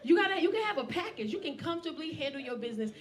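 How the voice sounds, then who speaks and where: A middle-aged woman doing a stand-up comedy set, telling brash, profane stories loudly and acting out quotes. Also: high-pitched, big pitch swings, racing. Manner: brash, profane, loud storytelling with acted-out quotes. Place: comedy club stage. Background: laughing audience.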